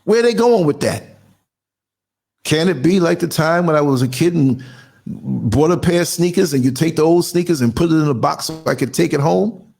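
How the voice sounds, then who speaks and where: A man's voice: high-pitched, animated, moderate pace, creaky, a little mellow. A man, ranting in a heated, emphatic opinion monologue with mocking asides. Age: 60s. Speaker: commentary channel host.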